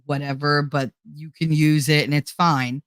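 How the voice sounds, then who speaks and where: A woman's voice: sits low, fairly even intonation, normal speed, no room sound. A middle-aged woman hosting her own channel, chatting casually to viewers in a rambling, joking way and laughing often. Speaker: YouTube channel host.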